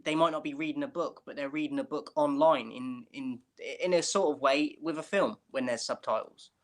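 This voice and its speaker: A British man with a fairly high voice co-hosts a casual podcast chat over a video call, speaking briskly. He rambles and keeps asking "do you know what I mean".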